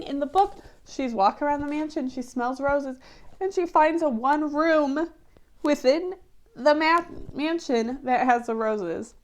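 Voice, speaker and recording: A woman vlogger giving casual, animated commentary on a film adaptation, chatty and often exasperated, with lots of fillers. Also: sits high, a little slow. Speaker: book-to-movie review vlogger.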